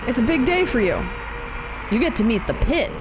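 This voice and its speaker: A woman's voice: a little high, big pitch swings, moderate pace, very noisy, pitched above the performer's own voice. A woman reading a game's dialogue aloud, voicing an easygoing, cheerful man in a van with a breezy, upbeat delivery.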